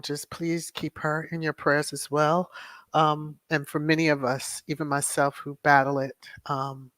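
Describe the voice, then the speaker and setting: Livestream host, casual and soothing, mid pitch, dry close mic, repeats affirmations while reading comments. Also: a bit bright, no room sound. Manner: reads viewer messages aloud and repeats thanks and affirmations.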